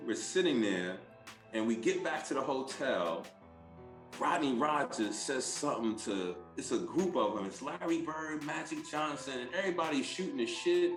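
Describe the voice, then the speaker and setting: A man's voice: medium pitch, animated, moderate pace, a bit bright, faint music behind. Profane man telling stories in an echoey room. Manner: loose, profane, laughing storyteller. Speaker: former pro athlete guest. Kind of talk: casual podcast storytelling.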